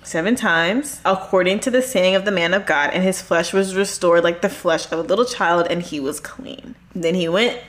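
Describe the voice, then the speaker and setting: A woman's voice: on the low side, normal speed, few pauses. A woman hosting a faith podcast who gives an earnest, conversational testimony and urges listeners on. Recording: echoey room.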